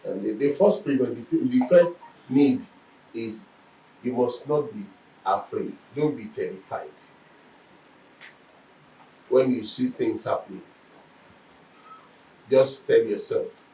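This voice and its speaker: A man's voice: mid-range voice, slow, long pauses, slight background noise. A man giving a Bible lesson, telling stories animatedly and acting out what people said. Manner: animated storytelling, acts out quoted speech. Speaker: Bible teacher. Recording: echoey room from a distance.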